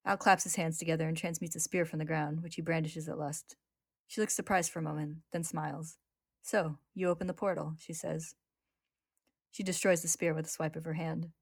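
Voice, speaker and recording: A woman's voice: low-pitched, flat delivery, a little fast, gravelly, breathy edge, no echo, studio quality. A woman hosting a podcast, narrating a story recap dramatically. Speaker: podcast host.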